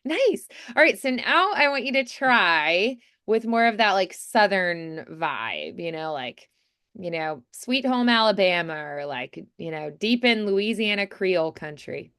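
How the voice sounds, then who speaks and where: A woman's voice: medium pitch, sing-song, a little slow, fairly bright tone, clear, resonant tone, no echo, studio quality. A woman coaching a voiceover student in an encouraging, chatty way with many fillers. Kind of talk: coaching feedback, conversational.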